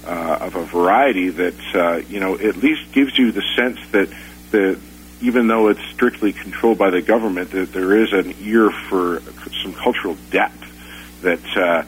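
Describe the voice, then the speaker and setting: A man with a very deep voice talks through a casual radio-show conversation. He hesitates often, restarting his sentences and filling gaps with ums. A faint hum sits under the recording. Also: poor audio. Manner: halting, many fillers and restarts.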